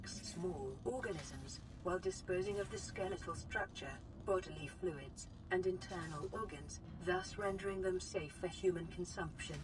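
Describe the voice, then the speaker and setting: A calm, low-pitched female ship computer voiced by a woman reading out game announcements in a flat, informational tone. The delivery is even and matter-of-fact, like an onboard system reporting status. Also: normal speed, hardly any pauses, lightly acted, poor audio.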